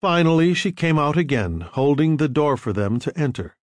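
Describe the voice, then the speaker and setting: A man narrating an audiobook in a measured, even manner. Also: fairly high pitch, dry recording, clean studio sound.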